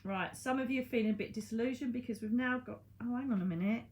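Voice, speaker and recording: A woman's voice: a little high, quick pace, a little mellow, slight background noise. A woman reading oracle cards to camera in a chatty, reassuring way that laughs at herself. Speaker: psychic medium reading cards. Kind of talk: casual tarot card reading to camera.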